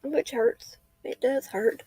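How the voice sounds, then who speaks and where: A woman's voice: sits high, fairly even intonation, slow, mellow, no room sound. A woman, rambling and heartfelt in a tearful casual livestream chat. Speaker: livestream host. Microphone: laptop or phone mic.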